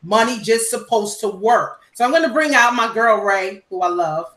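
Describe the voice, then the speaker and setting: A woman's voice: a little high, expressive, moderate pace, a bit bright, echoey room, rough recording. A woman hosting a webinar call, thanking and introducing speakers in an upbeat way. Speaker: webinar host.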